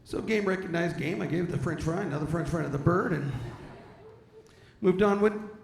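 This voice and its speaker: A man doing clean stand-up comedy, telling an animated story and bursting into shouts. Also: fairly high pitch, moderate pace, gravelly, reverberant, slight background noise. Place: stage before an audience.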